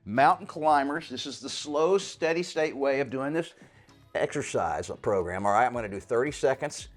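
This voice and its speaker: A man's voice: mid-range voice, animated, normal speed, faint music behind. Casual fitness coach, man over fifty. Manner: casual, keeps saying "all right?". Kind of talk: home workout instruction.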